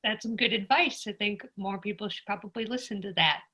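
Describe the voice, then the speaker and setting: A woman's voice: medium pitch, brisk, sharp tone, husky. A woman hosting a casual interview, laughing often and reacting encouragingly to her guest. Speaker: interview host.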